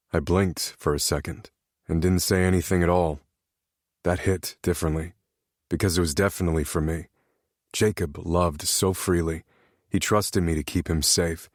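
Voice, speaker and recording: Male narrator, very deep voice, calm even storytelling, dry close mic. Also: no echo. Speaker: audiobook narrator. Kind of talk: romance audiobook narration.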